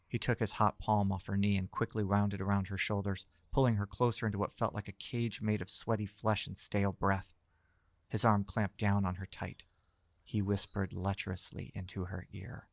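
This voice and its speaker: Gravelly-voiced man narrating a horror tale. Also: on the low side, level tone, no room sound. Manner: measured, tense storytelling.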